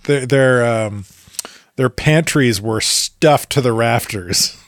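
A man's voice: medium pitch, takes it slowly, no echo, clean studio sound. A man co-hosting a podcast, chatting in a laid-back, agreeable way. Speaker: podcast co-host. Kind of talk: casual chat.

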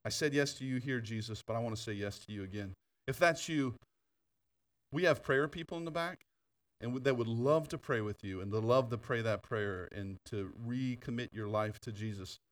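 A man preaching in a church, telling stories with laughs and asides, then turning quieter to lead an altar call. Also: mid-range voice, normal speed, recorded from a distance. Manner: animated storytelling with laughter and asides. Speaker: pastor. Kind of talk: sermon. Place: church sanctuary.

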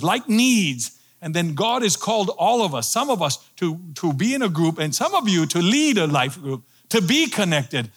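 Emphatic preaching man, fairly high voice. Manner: preaching with rising emphatic repetition and audience call-and-response. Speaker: pastor. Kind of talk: sermon.

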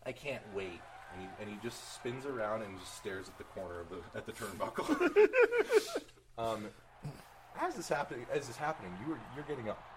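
Man, game master, tabletop narration, animated pitch, noisy background. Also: a little fast. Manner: animated, chatty, laughs often.

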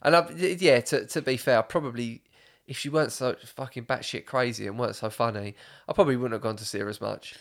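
A man's voice: mid-range voice, fast, gravelly. A young man, hosting a casual podcast chat, rambling through stories with lots of swearing and laughter. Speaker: podcast host.

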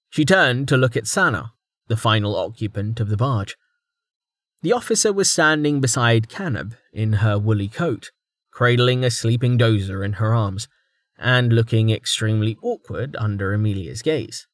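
Male audiobook narrator, animated storyteller, dry studio close mic. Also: lowish voice, normal speed, no room sound. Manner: expressive storytelling.

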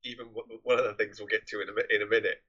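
A man chatting loosely about a film, often leaving sentences unfinished. His voice has a bright, forward edge, and the recording sounds dull and lo-fi, as if the top end has been cut off. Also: lowish voice, very fast. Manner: relaxed, trails off mid-sentence. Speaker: podcast co-host. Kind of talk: casual film discussion.

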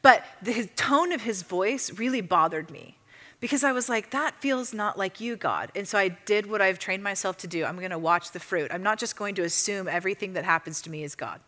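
A woman teaching a church audience in a casual, chatty way, full of fillers and lively storytelling. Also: medium pitch, fairly quick. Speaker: ministry teacher. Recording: long reverb of a hall.

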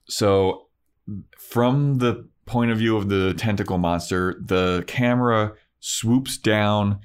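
Here a podcast co-host with a lowish, clean-toned voice takes his time. He goes over an episode casually, easygoing and slangy.

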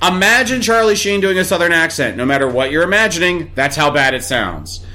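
A man's voice: on the high side, sing-song, fairly quick, pushed and bright. A man co-hosting a podcast, chatting casually and making crude jokes. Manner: crude joking, profane banter. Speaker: podcast co-host. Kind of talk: casual chat.

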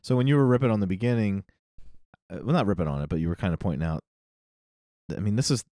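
Deep-voiced man rambling on a podcast. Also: animated, fast talker, dark tone, no room sound, studio quality. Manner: rambling, self-correcting, laughs often. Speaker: podcast co-host. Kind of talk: casual chat.

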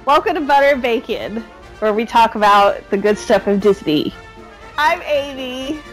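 A woman's voice: fairly high pitch, normal speed, faint music behind, low-quality recording. A woman hosting a casual podcast, upbeat and giggly as she keeps things orderly. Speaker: podcast host.

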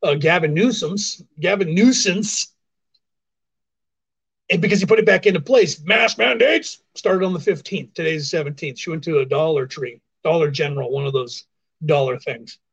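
A man's voice: a little high, moderate pace, vocal fry, husky, low-quality recording. A man hosting a livestream, ranting in sarcastic casual commentary and repeating his points for emphasis. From California, US. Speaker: livestream show host. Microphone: phone.

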